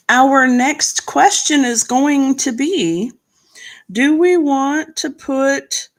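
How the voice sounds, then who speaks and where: Woman craft-stream host, a bit high-voiced, unhurried, chatty, reads out comments and laughs easily. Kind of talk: casual live-stream crafting chat.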